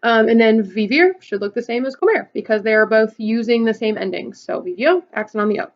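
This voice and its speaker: A woman teacher talks through a recorded lesson in a fairly high voice. She explains patiently, step by step, with frequent "okay" and "um". The sound is a little dull and lo-fi. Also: brisk. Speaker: Spanish teacher. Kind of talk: recorded classroom lesson video.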